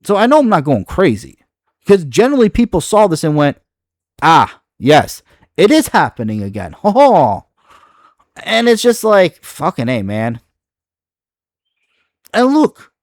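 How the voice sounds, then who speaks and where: A man's voice: high-pitched, wildly swooping pitch, slow, pauses often, a little mellow, dry recording, clean studio sound. Exasperated, profane man ranting. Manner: exasperated, profane, rambling with restarts. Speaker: video creator. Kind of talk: reacting to comments on video.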